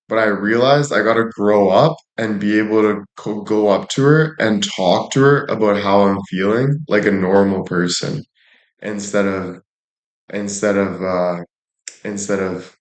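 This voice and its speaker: A man streaming live and chatting casually, joking around, cursing freely and thanking viewers by name. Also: fairly low pitch. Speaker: livestreamer. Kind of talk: casual livestream chat. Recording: echoey room.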